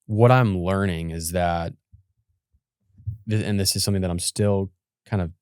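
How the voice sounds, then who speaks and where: A man's voice: low voice, fairly even intonation, normal speed, a little mellow, smooth, dry recording, clean studio sound. A man in his thirties hosting an interview, laid-back and casual, swearing now and then. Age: 30s. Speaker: podcast host.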